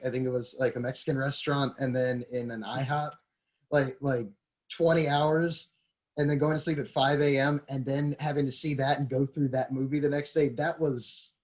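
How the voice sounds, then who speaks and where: A man's voice: mid-range voice, darkish tone, poor audio. A young man co-hosting a podcast, telling a meandering, stammering anecdote in casual chat. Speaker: podcast co-host.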